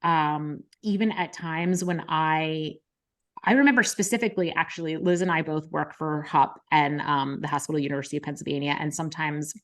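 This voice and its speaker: Woman, low voice, candid storytelling, podcast host, casual fillers. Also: steady tone, brisk. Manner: frank, many likes and ums, emotional retelling.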